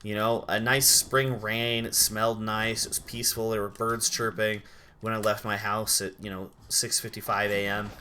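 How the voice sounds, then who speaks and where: A sleepy young man from Idaho chatting casually on a live stream while gaming, rambling with quick outbursts. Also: fairly low pitch, little pitch movement, bright, forceful tone, slight background noise. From Idaho, USA.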